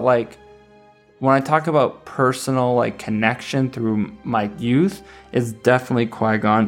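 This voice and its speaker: A man in his thirties talking casually as a reviewer. He speaks eagerly and rambles, with frequent fillers and restarts. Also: mid-range voice. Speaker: series reviewer. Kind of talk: casual chat.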